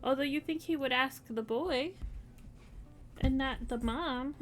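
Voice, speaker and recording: A woman's voice: high-pitched, slow, pauses often, soft background music. A woman streaming at home as she crafts, chatting casually and coaxing her dog in a playful way. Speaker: crochet streamer. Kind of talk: casual chat while crafting.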